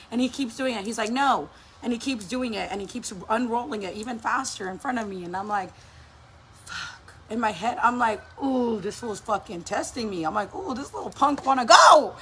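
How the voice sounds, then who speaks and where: A woman's voice: fairly high pitch, slight background noise. A woman in her thirties, a mother, telling a story in a casual vlog, cursing and acting out what people said. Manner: animated, profane, acts out quotes. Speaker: mother vlogger.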